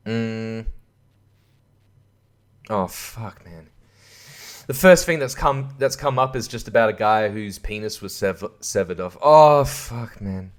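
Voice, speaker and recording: A young man hosting a solo podcast, rambling, swearing and laughing, sliding from mumbles into loud outbursts. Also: fairly low pitch, lively intonation, slow pace, long pauses. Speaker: podcast host.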